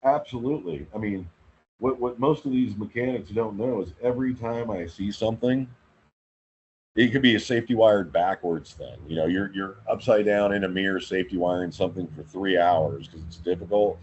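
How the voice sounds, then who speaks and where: A man working as an aircraft quality inspector, chatting as a podcast guest and telling work stories in an animated way, often repeating words as he thinks. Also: fairly low pitch, moderate pace, muffled recording, a little hiss or hum. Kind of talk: casual storytelling conversation.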